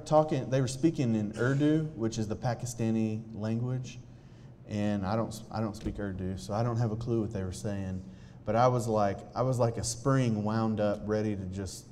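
A man telling a personal testimony to a live audience in an earnest, halting way, often restarting his sentences. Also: lowish voice, warm tone, a little hiss or hum. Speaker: speaker sharing a personal testimony.

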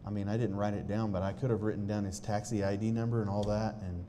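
A man tells his own story to an audience. His voice sits low and warm. He talks earnestly and haltingly, restarting sentences, and a faint noise floor hums beneath the recording. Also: steady tone. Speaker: speaker sharing a personal testimony.

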